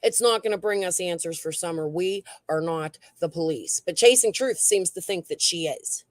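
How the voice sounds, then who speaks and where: A woman's voice: on the low side, moderate pace, no room sound. Blunt, foul-mouthed woman streamer. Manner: blunt, profane and heated. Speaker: true crime livestream host. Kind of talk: casual livestream commentary, reading chat.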